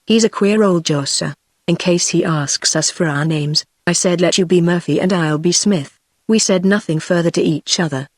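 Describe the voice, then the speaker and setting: A text-to-speech woman's voice with a British English accent, reading a classic story as an audiobook narrator in an even, steady way. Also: fairly low pitch, no room sound, studio quality.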